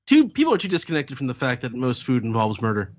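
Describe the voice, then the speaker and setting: A man's voice: medium pitch, wildly swooping pitch, fast, dull audio. A man co-hosting a podcast in casual chat, amused and laughing often. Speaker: podcast co-host.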